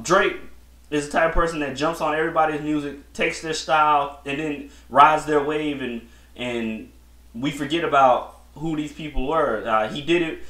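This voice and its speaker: Recorded in a room with noticeable echo, the host of a solo podcast wanders through a casual chat, voicing blunt, slangy takes and frequently starting over. He has a bright voice on the high side.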